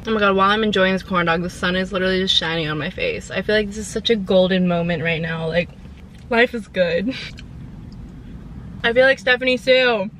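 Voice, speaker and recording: A woman's voice: medium pitch, a little fast, slight background noise. A young woman chatting animatedly in a casual vlog, recorded in her car on a camera phone. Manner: chatty, animated retelling with quoted voices. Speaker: vlogger.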